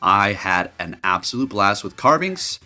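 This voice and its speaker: A man giving casual, jokey commentary over his gameplay, getting loud and excited and laughing at his own jokes. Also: on the low side, a little slow, faint music behind. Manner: animated, jokey, excitable, trash-talking. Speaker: gaming commentator.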